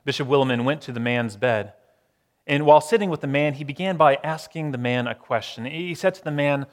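A man preaching a sermon, moving between raised emphatic lines and hushed, slow repetitions. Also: medium pitch, in a large hall.

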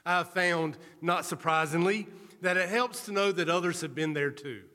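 A male preacher giving an earnest sermon, telling a story in a measured, storytelling manner. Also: high voice, sharp tone. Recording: reverberant hall.

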